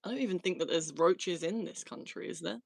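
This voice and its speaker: A woman's voice: fairly low pitch, brisk, vocal fry, a little mellow, no echo. Woman, British accent, casual livestream chat, giggly, dry close sound. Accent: British English. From Britain. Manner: laughs often, loose and swears casually. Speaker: livestream host. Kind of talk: casual live chat answering viewer comments.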